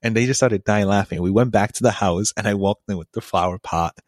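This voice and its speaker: A man's voice: lowish voice, brisk, no echo. A man in his thirties co-hosting a podcast, telling a personal story in a rambling way full of fillers and laughs. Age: 30s. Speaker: podcast co-host.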